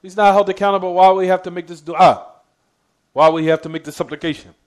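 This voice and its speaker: An Islamic teacher with a high-pitched, steady voice gives a religious lesson, quizzing his class with "what?" prompts and repeating key points. He reads Arabic quotations quickly.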